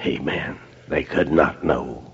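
A man's voice: a bass voice, slow, noisy background. A man preaching a fervent sermon, dotting his lines with amens and praise God, in a dull lo-fi recording.

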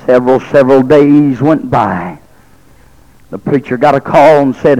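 A man's voice: medium pitch, normal speed, mellow, low-quality recording. A male preacher telling a story in a revival sermon, in a rhythmic preaching cadence with frequent "uh" between phrases.

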